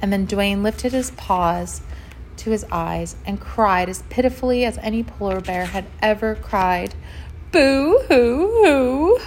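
A woman narrating a children's story in a gentle, expressive way, with chatty asides to the listener. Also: mid-range voice, a little slow, slight background noise.

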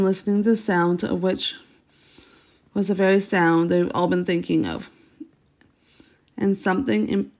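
A woman's voice: medium pitch, darkish tone. A woman reading a children's story aloud, unpolished, with stumbles and self-corrections.

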